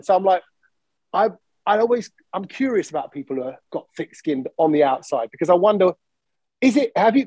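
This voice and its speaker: Animated man hosting a podcast. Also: sits high, slightly rough, no room sound. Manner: animated, acts out quoted voices. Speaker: podcast host. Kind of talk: casual chat.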